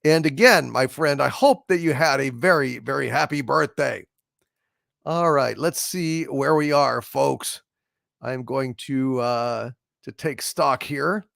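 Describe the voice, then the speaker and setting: Gravelly, bright-voiced livestream host. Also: male voice, mid-range voice, slow pace, dry recording, studio quality. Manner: rambling, lots of "uh", hails viewers grandly. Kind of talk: casual livestream chat, reading viewer messages.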